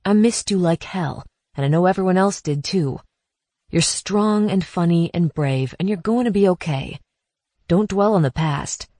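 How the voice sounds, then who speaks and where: A woman's voice: fairly low pitch, moderate pace, dark tone, no room sound, clean studio sound. Blunt middle-aged friend, voiced by a woman narrator. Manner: frank, pushy.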